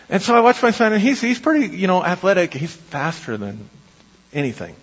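High-voiced animated preacher in a reverberant hall. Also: male voice, a little fast, breathy edge. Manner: animated storytelling, laughs often, repeats words. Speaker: pastor. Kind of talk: sermon. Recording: dull lo-fi audio with long hall reverb.

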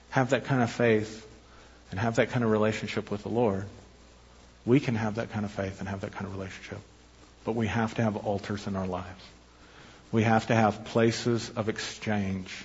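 A man preaching a sermon as pastor, telling a personal story in a conversational way with quick asides. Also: lowish voice, breathy edge. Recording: dull lo-fi sermon recording.

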